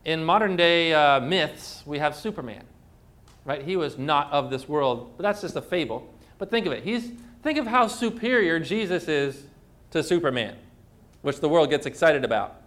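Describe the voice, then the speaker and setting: A man's voice: fairly high pitch, expressive, normal speed, fairly bright tone. A man preaching a sermon as pastor, emphatic and full of rhetorical questions. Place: church. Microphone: phone.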